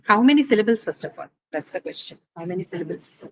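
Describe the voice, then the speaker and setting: A woman's voice: lowish voice, animated, fast, low-quality recording. Patient woman teaching a class. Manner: explains step by step, frequent fillers and tag questions. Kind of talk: classroom lecture on word stress.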